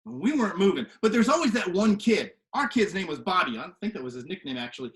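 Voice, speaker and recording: A man telling a story to the camera from his home kitchen, animated and swinging from hushed to loud. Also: high-pitched, quick pace. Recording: echoey kitchen room.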